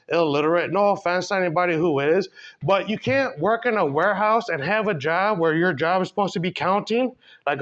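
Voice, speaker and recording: A man's voice: high-pitched, fairly bright tone. Profane young man doing stand-up, lo-fi. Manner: profane, rambling with constant fillers. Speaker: stand-up comedian. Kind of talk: stand-up set at an open mic. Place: small comedy venue. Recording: dull lo-fi club recording.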